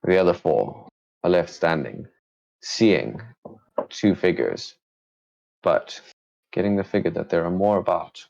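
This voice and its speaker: A man's voice: deep voice, animated, unhurried, vocal fry, long pauses, darkish tone, dull audio. A man narrating as game master, setting scenes for a tabletop game.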